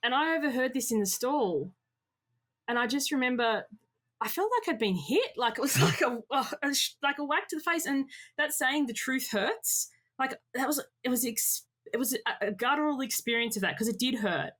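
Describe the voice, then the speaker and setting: A woman in her thirties or forties telling frank personal stories as a podcast guest, expressive and lively. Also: high voice, moderate pace. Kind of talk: candid personal storytelling.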